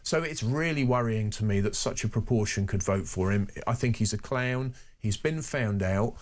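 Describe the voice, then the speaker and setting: A man appearing as a political guest on live talk radio, measured and earnest, with hesitant restarts. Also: fairly low pitch.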